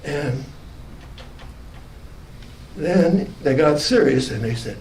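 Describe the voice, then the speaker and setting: A man recounts his near-death experience in a lively, high voice that jumps around as he quotes himself. He sounds set back from the mic in an echoey room, with a faint hiss under the clip. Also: takes it slowly, pauses often. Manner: animated, quoting himself with rising anger and laughs. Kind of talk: personal storytelling in an archival clip. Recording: roomy, distant, faintly noisy clip.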